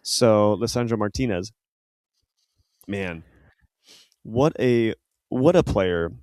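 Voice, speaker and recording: A man's voice: on the low side, slow pace, darkish tone, no echo. Rambling man chatting about football. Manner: rambling, filler-heavy, self-correcting. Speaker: podcast co-host. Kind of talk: casual football chat.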